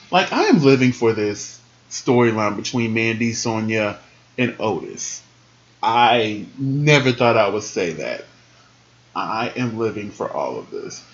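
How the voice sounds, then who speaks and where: Sassy, animated man recapping wrestling. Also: lo-fi sound. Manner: sassy, animated, laughs often, sudden high squeals. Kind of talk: casual recap commentary.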